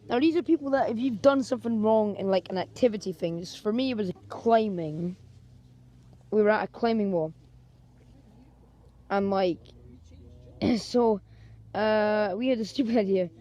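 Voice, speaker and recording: A woman's voice: mid-range voice, normal speed, pauses often, warm tone. A young Scottish vlogger telling comic stories and switching into exaggerated character voices. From Scotland. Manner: jumps between narration and exaggerated character voices. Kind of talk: comedic storytelling with acted skits.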